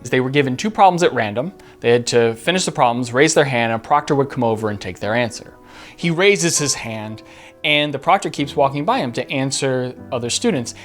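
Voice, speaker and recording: Male podcast host, earnest storyteller, average pitch, faint guitar bed. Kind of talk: storytelling narration. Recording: faint guitar music behind. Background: soft guitar music.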